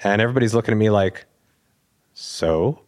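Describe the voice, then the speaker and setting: A man, a police officer guest, telling an anecdote with animated delivery and acted-out dialogue. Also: fairly low pitch, moderate pace. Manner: animated, acts out quoted dialogue. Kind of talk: storytelling anecdote.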